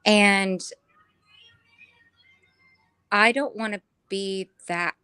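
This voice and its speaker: A woman guest speaking in a weary, flat way, halting with restarts and fillers. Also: medium pitch, clean tone, no echo, faint music behind.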